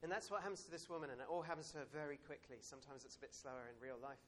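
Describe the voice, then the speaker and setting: A man giving an informal sermon, talking it through in a relaxed, storytelling way. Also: mid-range voice, racing, slight background noise. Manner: conversational, warm storytelling with soft asides and chuckles. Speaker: preacher.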